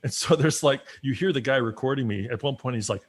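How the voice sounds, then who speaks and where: Animated man telling stories, acting out quotes. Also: mid-range voice, quick pace. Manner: animated storyteller who acts out his own quotes. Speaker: guest and regular collaborator. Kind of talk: casual livestream chat.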